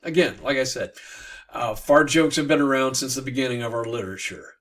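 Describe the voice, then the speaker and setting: Playful lit teacher retelling a classic, bright voice, kinda far from mic. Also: male voice, medium pitch, fairly quick. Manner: animated, playful, with fillers. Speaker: literature teacher. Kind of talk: lively retelling of a classic tale.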